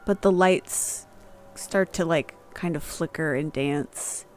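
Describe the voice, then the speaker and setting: A game master calmly narrating scenes in a tabletop game, with some fillers. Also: medium pitch, slow pace. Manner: calm descriptive narration with fillers.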